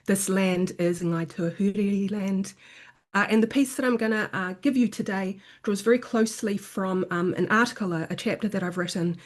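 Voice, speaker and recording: A woman giving a remote academic talk in a lively way, with frequent fillers. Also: mid-range voice, moderate pace. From New Zealand. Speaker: guest lecturer. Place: home.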